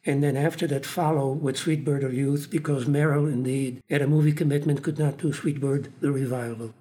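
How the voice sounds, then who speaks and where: A man's voice: mid-range voice, a little fast. An older man, a theater producer, telling anecdotes in an interview and acting out the lines of the people in them. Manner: animated, acts out other people's lines. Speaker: theater producer recounting his career.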